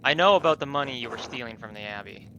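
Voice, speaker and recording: A man's voice: medium pitch, lively intonation, fast talker, bright, forceful tone, dull audio, a little hiss or hum. A man voicing a stern painter interrogating suspects, firm and pressing.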